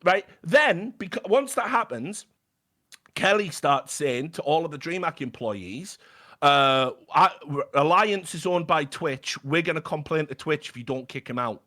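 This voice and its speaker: British male guest, animated storyteller, high-ish voice, salty language. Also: unhurried. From Britain. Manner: animated, swears freely, stammers and restarts. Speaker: podcast guest. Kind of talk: casual storytelling chat.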